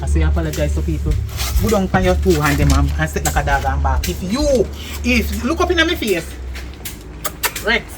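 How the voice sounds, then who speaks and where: An actress playing a bossy, scolding house helper, with a Jamaican accent, commanding in patois. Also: female voice, lowish voice, lively intonation, moderate pace, over music, close to an everyday voice. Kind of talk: Jamaican movie acting.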